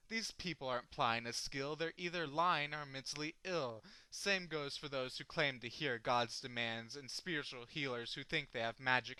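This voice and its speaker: A man's voice: mid-range voice, bright, forceful tone, clean tone, no room sound, poor audio. Sardonic ranting man reciting rhyming verse. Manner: ranting, sardonic, rhythmic, swearing. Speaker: poetry reader. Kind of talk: performed comic beat-poem recitation.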